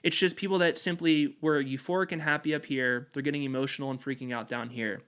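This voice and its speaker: A man's voice: mid-range voice, fairly even intonation, fast, fairly bright tone, clear, resonant tone. A man hosting an investing channel, explaining strategy over a chart in confident, emphatic, repetitive phrasing.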